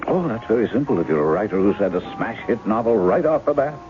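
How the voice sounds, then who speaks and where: A charming, easygoing novelist in his forties who teases and jokes, his voice lowish and swinging up and down with lively inflection. It comes through a dull, lo-fi old radio broadcast, with clear music underneath the 1970s radio drama acting. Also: fast. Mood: confessional. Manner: teasing, easygoing, wry. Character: charming, self-mocking male novelist in disguise. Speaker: impostor posing as a woman's husband.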